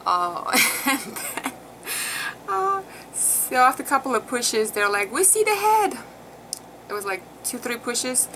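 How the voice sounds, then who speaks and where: A woman's voice: fairly high pitch, very animated, measured pace, bright, forceful tone, low-quality recording. A woman casually recounting a personal experience to her viewers, emotional and chatty, with many fillers. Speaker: mother telling her birth story. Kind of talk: casual vlog storytelling. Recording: clear background noise.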